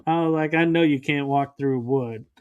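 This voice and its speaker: A man's voice: on the high side, moderate pace, darkish tone, clean tone, lo-fi sound. A man, a podcast guest, recounting a personal experience in an interview and acting out the dialogue. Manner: storytelling that acts out quoted dialogue.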